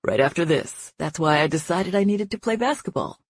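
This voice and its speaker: A woman reading an audiobook voices a relaxed, confident young man who speaks with quiet assurance. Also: lowish voice, fairly quick, breathy edge, dry recording. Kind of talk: audiobook character voice.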